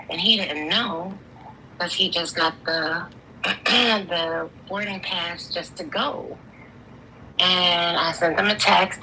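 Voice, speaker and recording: A woman's voice: medium pitch, slight background noise, low-quality recording. A woman of forty with a Philadelphia accent, telling her story to a live show and acting out the others in it. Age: 40s. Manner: animated, acts out voices of others in her story. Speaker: caller. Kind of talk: casual storytelling on a live call.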